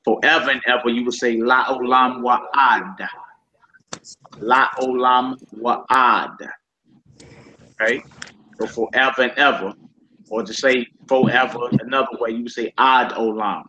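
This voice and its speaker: Guy teaching a class online, bright voice, kinda dull lo-fi sound with faint hiss. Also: medium pitch, a little slow, long pauses. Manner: relaxed, repeats each word aloud, slangy asides. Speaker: Hebrew teacher. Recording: slightly dull lo-fi with faint noise.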